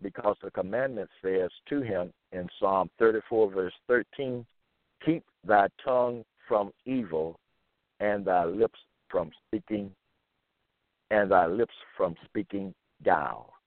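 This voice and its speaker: A man reading scripture verses aloud and commenting on them, slowly repeating phrases with fillers between them. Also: fairly low pitch, no room sound. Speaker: self-styled preacher. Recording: tinny phone-like line.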